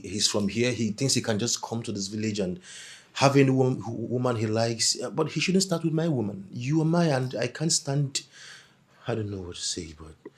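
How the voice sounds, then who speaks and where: A man's voice: fairly low pitch, natural voice. A man playing a stammering, jealous young lover. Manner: halting, stammering, sulky.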